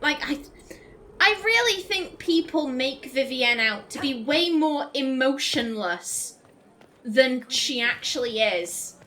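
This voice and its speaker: A woman's voice: sits high, animated, slow pace, pushed and bright, a little hiss or hum. Chatty woman commenting on gameplay. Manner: chatty, enthusiastic, full of fillers and restarts. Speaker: let's play host.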